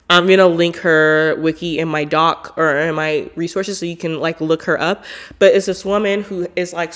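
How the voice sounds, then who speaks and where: A woman hosting a podcast in a casual monologue, blunt, emphatic and profane, filling her talk with "like". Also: on the low side. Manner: animated, with frequent "like" fillers. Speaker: podcast host.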